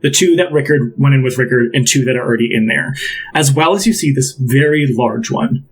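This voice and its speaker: A man's voice: medium pitch, brisk, faint music behind. A man narrating as game master in a tabletop game, casual and rambling with many fillers.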